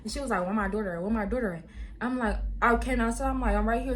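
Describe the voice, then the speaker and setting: A young woman, telling viewers a storytime vlog in animated, slangy talk. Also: fairly high pitch, fast, slight background noise. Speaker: vlogger.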